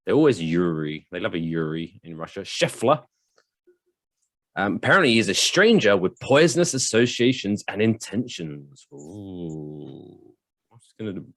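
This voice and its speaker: A man's voice: fairly low pitch, sing-song, moderate pace, fairly bright tone, no echo. A man co-hosting a podcast, chatting in jokey, rambling banter and reading out news bits. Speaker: podcast co-host. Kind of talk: casual comedic banter.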